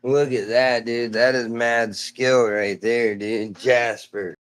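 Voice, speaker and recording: Laid-back swearing streamer dad. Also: male voice, mid-range voice, flat delivery, slow pace. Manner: loose, rambling, swears casually, says "dude" a lot. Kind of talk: casual live-stream chat. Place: at home.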